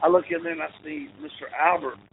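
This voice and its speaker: A man with a gravelly, rough-edged voice tells a meandering story, acting out the people in it. His pitch leaps high and low as he goes. The sound is thin and phone-like, with a faint hiss behind him. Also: fast. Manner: rambling, animated storyteller who acts out quotes. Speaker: football coach. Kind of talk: casual storytelling interview. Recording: tinny phone-like line with faint noise.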